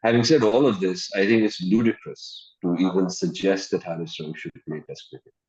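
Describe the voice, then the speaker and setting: Deep husky emphatic man. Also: a little fast, a little mellow, lo-fi sound. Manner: emphatic, laughs often. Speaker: cricket pundit. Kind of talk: podcast discussion.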